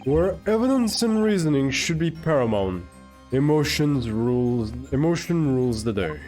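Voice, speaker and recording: A streamer reading the lines of a haughty, aristocratic male prosecutor in a video game, slow and disdainful. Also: medium pitch, sing-song, darkish tone, soft background music, natural voice. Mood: scornful.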